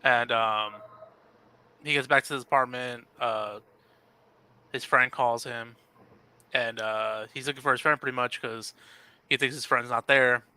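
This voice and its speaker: Brief: male podcast co-host, easygoing and halting, sharp bright tone. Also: mid-range voice, fairly even intonation, a little hiss or hum, rough recording. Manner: laid-back, halting with fillers. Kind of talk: casual movie review chat.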